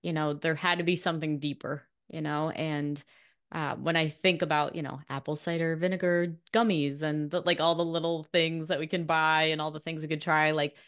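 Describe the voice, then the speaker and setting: This is a woman hosting a podcast interview in a low voice. She is affirming toward her guest and reflective, thinking aloud as she builds up to her next question. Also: little pitch movement, moderate pace, a bit bright, clear, resonant tone. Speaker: podcast host. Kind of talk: interview chat.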